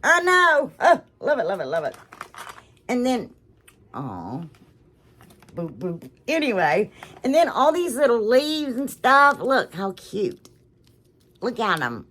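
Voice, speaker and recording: A woman's voice: a little high, very animated, slow, long pauses, a bit bright. A woman hosting a craft channel, chatting casually to viewers, gushing and emotional with lots of restarts. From United States.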